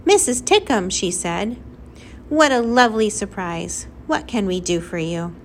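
A woman voicing a fussy, excitable mother who talks loudly and shrilly. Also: medium pitch, unhurried, slight background noise. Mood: shrill. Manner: loud and shrieking.

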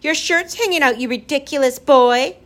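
Spiteful swamp creatures, high and shrill, jeering like brats; a woman reader voices them. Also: normal speed, a bit bright. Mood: mocking. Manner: jeering, whining, wheedling.

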